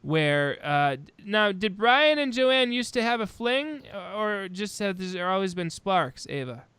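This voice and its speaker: A man's voice: high voice, very animated, measured pace, fairly bright tone, smooth, no echo. A man hosting a casual podcast chat, recapping a horror film's plot and laughing often. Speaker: podcast host.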